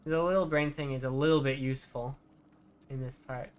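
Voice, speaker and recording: A streamer giving relaxed, chatty commentary while playing, muttering asides. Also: mid-range voice, brisk, slight background noise. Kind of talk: casual gameplay commentary.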